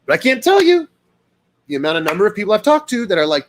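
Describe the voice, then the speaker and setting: This dog trainer's speech is quick, with huge pitch swings as he wanders through a casual monologue. Fillers crop up constantly, and he plays the people he quotes in a higher register.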